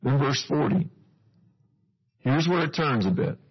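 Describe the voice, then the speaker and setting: A male preacher teaches through a sermon in an earnest way and keeps putting questions to his listeners. His voice is husky and sits fairly high, and the recording sounds dull and lo-fi. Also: expressive, unhurried.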